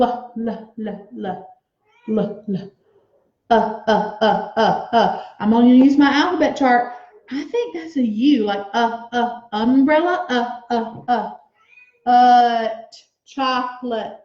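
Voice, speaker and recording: A high-voiced woman teaches young children to write, sounding out each letter slowly and cheering them on. The room around her echoes, and the sound is a little dull. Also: a little mellow. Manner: slow, sounds out letters and words aloud; encouraging.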